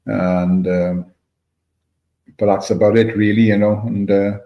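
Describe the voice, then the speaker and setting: A Welsh man with a fairly low, unhurried voice and little variation in pitch hosts a livestream, chatting loosely and greeting viewers by name as he reads the chat. The room is echoey and the sound dull and lo-fi.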